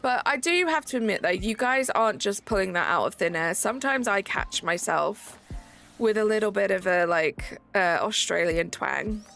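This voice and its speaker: A woman's voice: medium pitch, moderate pace, creaky. A woman in her thirties hosting a gaming livestream, chatting casually and rambling with lots of fillers. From United Kingdom. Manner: relaxed, rambling, many "like" fillers. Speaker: livestream host. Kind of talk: casual chat while gaming, reading chat. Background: faint background music.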